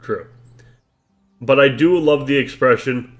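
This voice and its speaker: A man's voice: a little high, very animated, measured pace, faint music behind. A man giving joking, rambling commentary over a video game he is playing. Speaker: let's play commentator. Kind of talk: casual commentary over gameplay.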